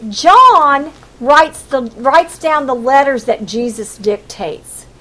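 High, lively woman preaching a sermon. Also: poor audio. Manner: emphatic, acts out quoted voices with big swings.

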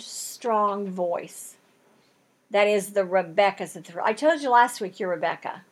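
A woman's voice: medium pitch, slightly rough. A woman teaching a Bible lesson in an earnest, emphatic way, using folksy turns of phrase and building intensity as she makes her points.

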